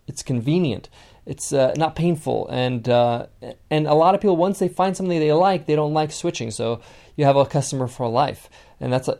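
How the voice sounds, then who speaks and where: A man's voice: medium pitch, creaky, warm tone. A man hosting a podcast business lesson, talking conversationally and encouragingly, with frequent fillers. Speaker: podcast host.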